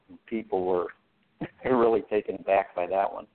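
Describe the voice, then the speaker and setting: A male guest on a talk show, telling anecdotes in a relaxed way and laughing often. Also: fairly low pitch, moderate pace. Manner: anecdotal, chuckles while telling stories. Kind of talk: casual talk show discussion. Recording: tinny phone line.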